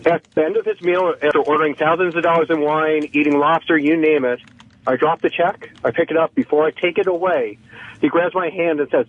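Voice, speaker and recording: Man, phone-in caller, brisk and matter-of-fact, somewhat high voice, tinny line. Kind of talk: telling an anecdote on the phone.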